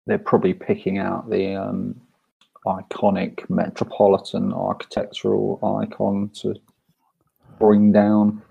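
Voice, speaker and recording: A man's voice: lowish voice, completely flat delivery, measured pace, vocal fry, husky, dull audio. A man in a casual conversation, telling wry jokes and laughing often.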